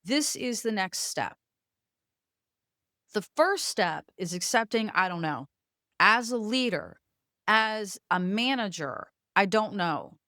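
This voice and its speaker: A woman from coastal Virginia with a faint Southern accent gives an emphatic motivational talk, frank and a bit preachy, with casual swearing. Her voice sits at a middle pitch and is recorded dry and close, with no room sound. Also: sing-song, slow, pauses often, bright, forceful tone, no echo. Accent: light coastal Virginia Southern. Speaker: host, leadership coach.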